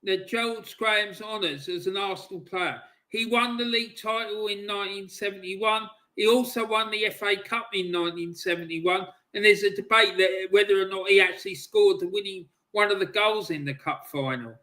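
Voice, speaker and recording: A man hosting a football channel, ranting angrily and swearing heavily, with loud shouting bursts, off camera at home. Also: sits high, fairly even intonation, normal speed, hardly any pauses. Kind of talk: angry ranting monologue.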